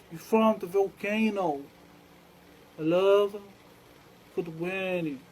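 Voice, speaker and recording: A man's voice: high-pitched, darkish tone, slight background noise, rough recording. A man telling a rambling story, repeating phrases and acting out what others said.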